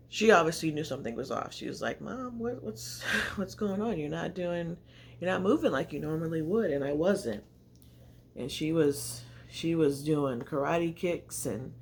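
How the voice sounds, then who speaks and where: Gravelly-voiced chatty woman vlogger. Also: low-pitched, a little hiss or hum. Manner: chatty, confessional, rambling. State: often out of breath. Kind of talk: casual vlog chat to camera. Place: home, indoors by natural light.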